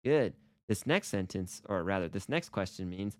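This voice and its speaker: A man's voice: low-pitched, lively intonation, normal speed, darkish tone, dry recording, studio quality. A man co-hosting a casual Japanese lesson podcast, explaining in a playful, upbeat way. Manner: upbeat, playful explaining with acted example phrases. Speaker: co-host teaching Japanese.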